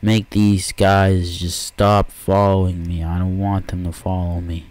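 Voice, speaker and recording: A man giving let's play commentary, excitable and quick to yelp and exclaim at what happens in the game. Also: low voice, dry recording. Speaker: let's player.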